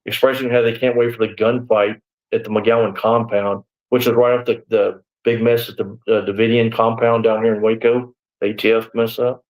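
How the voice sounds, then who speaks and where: A man's voice: mid-range voice, level tone, moderate pace, a little mellow, low-quality recording. Man in his 60s telling his story. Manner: rambling storyteller who acts out quoted exchanges; casual, peppered with "man" and "you know". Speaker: interview guest, former sheriff's deputy.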